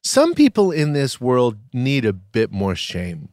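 A man's voice: medium pitch, wildly swooping pitch, slow, a little mellow, no echo, clean studio sound. A man co-hosting a podcast who rants about a TV show with comic, profane outrage. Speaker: podcast co-host. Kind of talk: casual recap chat.

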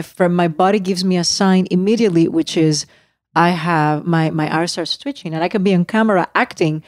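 Animated woman with dry close sound. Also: fairly low pitch, no echo. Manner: animated, talks over her partner, repeats herself. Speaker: podcast co-host. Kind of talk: casual chat.

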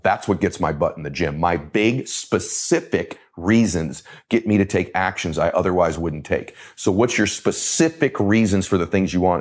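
A man in his forties, a guest on a podcast interview, telling a personal story with emphatic repetition and vivid storytelling. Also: low voice. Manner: emphatic, repeats phrases for effect. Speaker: guest, motivational speaker.

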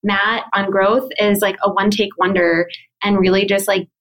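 Interview guest, woman, mid pitch, chatty and casual, peppered with fillers. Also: flat delivery, moderate pace, a bit bright, rough recording. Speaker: podcast program manager, guest.

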